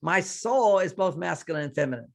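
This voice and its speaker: A man's voice: a little high, expressive, fairly quick, creaky. An older man, a relationship author, giving advice in a conversational interview and acting out example lines. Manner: explains with quoted example lines.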